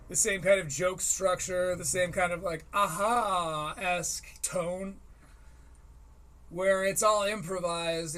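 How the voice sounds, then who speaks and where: A man's voice: high voice, fairly bright tone. A young man hosting a solo podcast, riffing wryly on comedy and reading aloud. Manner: rambling, riffing and wry. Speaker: podcast host. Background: faint harp music.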